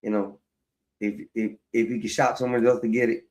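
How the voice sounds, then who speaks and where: A man's voice: mid-range voice, flat delivery, brisk, darkish tone. A man chatting casually to viewers on a live stream, loose and profane, rambling and talking to his audience as y'all. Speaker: livestreamer. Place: at home, fixing his hair on camera.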